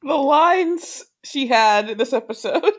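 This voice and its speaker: A woman's voice: sits high, lively intonation, a little slow. A woman co-hosting a podcast in casual chat, chiming in with wry, exasperated quips. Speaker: podcast co-host.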